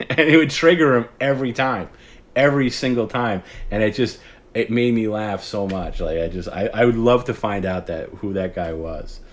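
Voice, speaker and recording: A man's voice: on the low side, normal speed. A man in his forties, the host of a late-night stream, telling rambling stories in casual chat and acting out the callers he remembers. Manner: rambling, self-interrupting storyteller who acts out quoted callers.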